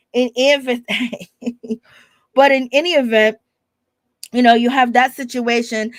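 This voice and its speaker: A woman's voice: fairly high pitch, dry recording. Chatty gossiping woman, dry close sound. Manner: chatty, gossipy, lots of filler phrases. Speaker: reality TV recap vlogger. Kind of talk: casual recap commentary.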